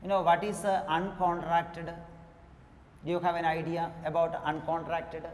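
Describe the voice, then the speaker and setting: A woman teaching an English grammar lesson, talking slowly, repeating each example and saying "you know" often. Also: on the low side, flat delivery, a little mellow, a little hiss or hum. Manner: slow, repetitive, says "you know" often. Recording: echoey room with long reverb.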